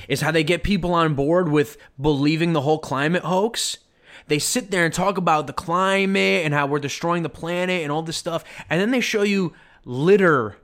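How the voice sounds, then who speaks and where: Male podcast host with a high-set voice, sarcastic and indignant, ranting commentary. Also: fairly bright tone.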